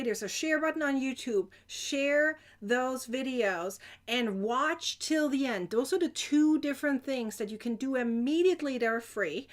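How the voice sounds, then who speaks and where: A woman with a foreign accent, chatting excitedly to viewers on a live stream from home, with frequent laughs and bursts of enthusiasm. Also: high voice. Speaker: crochet designer and live-stream host. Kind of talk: casual live-stream chat.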